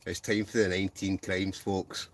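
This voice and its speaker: A man's voice: low voice, level tone, moderate pace. A Scottish man hosting a casual live stream from a tent, apologising while fumbling with bottles and the stove. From Scotland. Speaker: host. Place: inside a hot tent outdoors.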